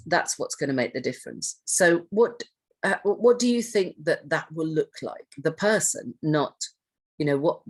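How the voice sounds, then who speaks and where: A woman giving a conversational training presentation, asking her audience questions and restarting her phrases as she goes. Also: low voice. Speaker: trainer on hoarding and self-neglect.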